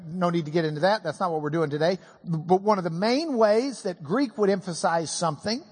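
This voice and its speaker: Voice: medium pitch, slightly rough, long reverb tail. A preacher giving a folksy, joking Bible-teaching sermon to a congregation.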